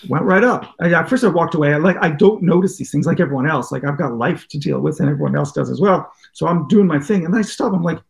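A man's voice: fairly high pitch, fast talker, vocal fry, hardly any pauses. A man, a journalist and podcast guest, telling rambling, self-deprecating stories in casual interview talk and acting out what people said. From United States. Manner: rambling anecdotes, curious, self-deprecating, acts out quotes.

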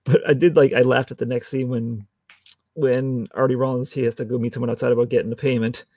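A man co-hosts a podcast, chatting casually and fast about a TV episode in a medium-pitched, steady, warm voice. He's talkative, laughs often, and acts out lines from scenes, all on a dry recording.

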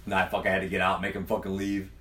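A man's voice: low-pitched, completely flat delivery, very fast, a bit bright. A man telling a long, profane, rambling story in casual chat, acting out the other people's lines. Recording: echoey room, mic far off.

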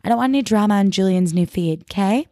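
A woman's voice: medium pitch, brisk, dark tone, no echo, studio quality, close to an everyday voice. A woman doing a bossy, sarcastic young woman.

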